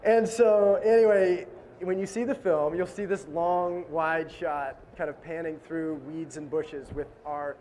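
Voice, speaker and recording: A film director, a man, telling stories in a casual interview in an animated, joking way and acting out voices. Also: fairly high pitch, measured pace.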